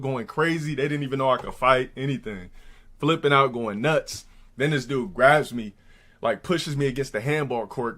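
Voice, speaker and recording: A man live streaming, telling a crude story in a loud, profane voice, jumping into high mocking voices to quote people.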